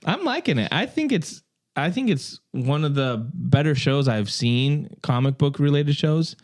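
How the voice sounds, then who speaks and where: A man's voice: on the high side, animated, measured pace, a little mellow. A man co-hosting a casual nerd-culture podcast, chatting loosely and joking around. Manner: joking, puts on silly voices. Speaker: podcast co-host. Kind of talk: casual chat.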